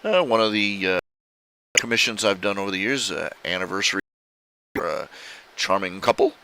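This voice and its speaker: Middle-aged man, lowish bright voice, halting casual artist commentary. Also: animated, smooth, rough recording. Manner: halting, full of "uh" fillers. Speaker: artist showing his commissions.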